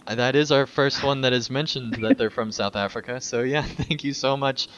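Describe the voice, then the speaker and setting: A man's voice: medium pitch, normal speed, a bit bright, highs cut off. Upbeat laughing man co-hosting a podcast. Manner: upbeat, laughs often, says "awesome" a lot. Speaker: podcast co-host. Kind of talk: casual podcast chat.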